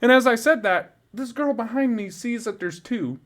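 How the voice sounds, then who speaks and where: Animated young man telling a story. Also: very high voice, moderate pace. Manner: animated, swearing, laughs often, loud when imitating a drunk fan. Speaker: podcast co-host. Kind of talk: casual storytelling chat.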